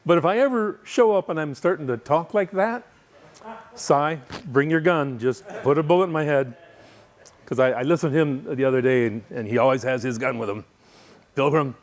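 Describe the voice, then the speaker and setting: A middle-aged man from Wisconsin, a guest speaker giving a humorous, rambling talk to a men's group with deadpan asides. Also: fairly high pitch, unhurried, long pauses. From Wisconsin, USA. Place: coffee shop.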